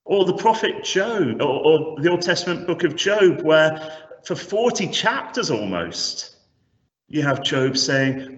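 A man preaching a sermon with animated, rhetorical emphasis, heard from a distance in a church. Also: on the high side, takes it slowly. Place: church hall. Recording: echoey hall from a distance, slightly dull.

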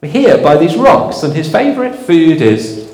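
Guy doing a perky little storybook mouse, cheeky and boastful, a bit high, roomy sound. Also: sing-song, moderate pace, a little mellow. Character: small clever male mouse, cheeky and bold.

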